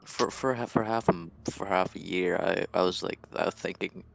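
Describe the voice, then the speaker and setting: A man playing a tabletop game who talks haltingly, stumbling and restarting his words. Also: low voice, gravelly, rough recording. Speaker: player. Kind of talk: casual tabletop game chat.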